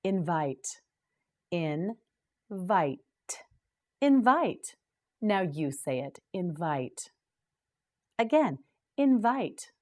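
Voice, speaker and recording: A woman hosting a scripted English vocabulary lesson, slowly and clearly drilling each word for learners to repeat. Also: lowish voice, expressive, mellow. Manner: slow, clear drilling of words. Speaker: English teacher and host.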